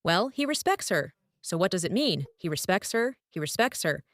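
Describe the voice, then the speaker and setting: A woman's voice: lowish voice, sing-song, normal speed, dry recording, studio quality. A woman giving a tarot reading, musing aloud and repeating herself as she talks straight to the viewer. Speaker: tarot reader.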